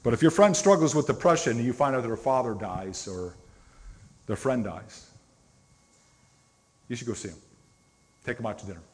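A middle-aged pastor delivers a sermon in a conversational, storytelling style, leaning hard on single words. His slightly husky, mid-range voice moves at a normal speed with long pauses, and it rings with the long reverb of a church sanctuary.

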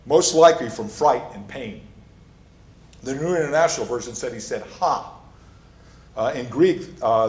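A male pastor preaching a sermon, stressing and repeating his key points as he teaches. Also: mid-range voice. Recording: echoey room.

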